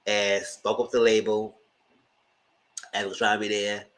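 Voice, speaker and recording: A man hosting a channel, recapping TV episodes in casual, gossipy commentary, swearing freely and jumping into squealed exclamations. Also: measured pace. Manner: animated, gossipy retelling with frequent swearing; breaks into high squealing exclamations. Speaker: TV show reviewer and channel host.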